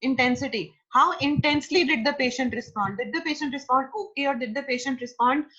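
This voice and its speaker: Woman lecturer, slightly high husky voice, dull lo-fi audio. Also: fairly quick, bright, forceful tone. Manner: explanatory, repeats key terms, mixes in Hindi phrases. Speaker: psychology lecturer. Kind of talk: online lecture.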